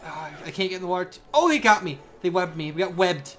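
Excitable young man narrating his gameplay. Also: high-pitched, quick pace. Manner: excitable, frequent exclamations and laughs. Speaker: gaming channel host. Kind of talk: live gameplay commentary. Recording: faint game music behind.

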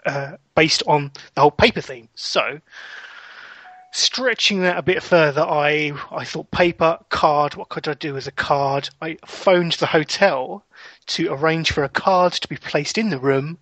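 A young man hosting a podcast in casual chat, chatty and quick to laugh, often restarting his sentences. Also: fairly high pitch, fairly bright tone, no room sound. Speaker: podcast host.

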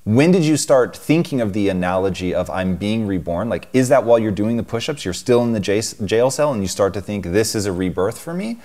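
Low-ish dude interviewer, thinks out loud, long winding questions. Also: male voice, lively intonation, brisk, few pauses. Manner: thoughtful, builds long questions. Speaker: interview show host.

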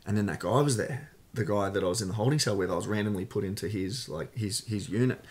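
A man's voice: lowish voice, quick pace, a little mellow. A man with an Australian accent, a podcast guest telling a personal story in casual, candid talk with many fillers.

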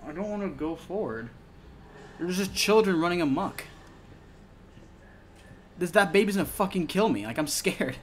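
A young man whose voice sits high talks at a normal speed with long pauses while playing a horror game. He's a let's play gamer who curses a lot, startles easily, and yelps, all over a faint hiss or hum.

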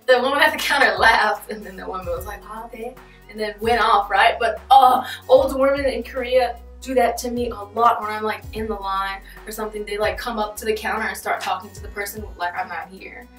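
A young woman chats casually on her vlog, full of joking asides and laughter. Her voice is mid-range, steady, and a bit bright, a little fast with few pauses, recorded from a distance in an echoey room with faint music.

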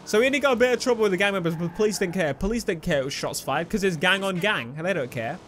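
Excitable gamer, high lively voice. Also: male voice, racing, slight background noise. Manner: excitable, swearing, laughing at his own jokes. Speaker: gaming YouTuber. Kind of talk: let's play commentary. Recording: game gunfire and sounds behind.

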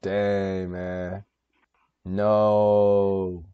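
A young man hosting a reaction video, giving casual commentary that is animated, exclamatory and profane, and laughing often. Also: sits high, measured pace, dull audio.

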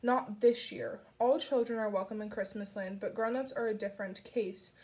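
A woman voicing a smooth-talking, sinister older male chauffeur in an audiobook, louder and coaxing. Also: mid-range voice, steady tone, moderate pace, close to an everyday voice.

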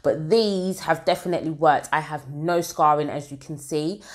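A UK beauty vlogger talks casually to camera in a low voice at a normal speed. She rambles chattily, dropping in plenty of fillers and side comments.

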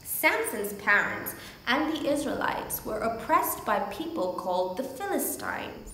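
Woman, church Bible teacher, slow storytelling, long hall reverb, faint background noise. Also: a little high, sing-song, bright, forceful tone. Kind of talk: Bible story narration with scripture reading.

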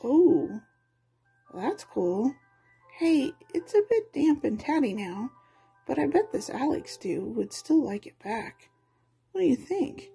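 A mellow male monkey from a children's storybook talks in a relaxed, easygoing drawl, as a woman reader puts him on. His voice is warm and unhurried. Soft music sits faintly behind him. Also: high-pitched, vocal fry, breathy edge, voice pushed up, exaggerated voice. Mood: laid-back. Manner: laid-back, easygoing slang. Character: mellow male monkey, laid-back dude.

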